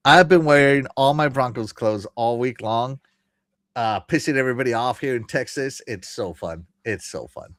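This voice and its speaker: A man's voice: mid-range voice, normal speed, no room sound, clean studio sound. A man hosting a podcast, casually chatting and reading chat messages aloud with frequent laughter. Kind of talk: casual live-stream chat.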